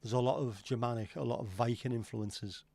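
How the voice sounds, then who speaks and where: Swearing casually as he rambles and jokes, a livestream host reads out his viewers' comments in casual chat. His mid-range voice is gravelly and dark with a steady tone, fairly quick delivery, and no room sound.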